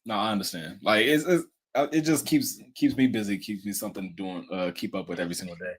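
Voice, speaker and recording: A man co-hosting a casual chat, relaxed and jokey. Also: lowish voice, quick pace, rough recording.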